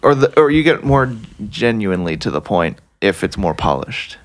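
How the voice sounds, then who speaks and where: A man hosts a podcast in a relaxed, casual way, drawing the guest out with questions. His voice is low but rises and falls a lot. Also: moderate pace. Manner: asks questions, laid-back. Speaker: podcast host. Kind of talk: casual chat.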